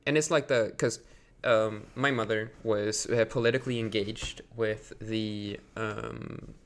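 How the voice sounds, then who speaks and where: Speaking at a measured pace with a steady tone and a lowish voice, this man from Sweden rants on a live stream. He rambles indignantly, packs in fillers, and gets louder in bursts when outraged.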